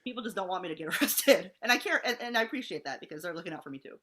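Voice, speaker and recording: A woman stand-up comedian telling stories in a blunt, animated way. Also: lowish voice, very fast. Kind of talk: casual chat.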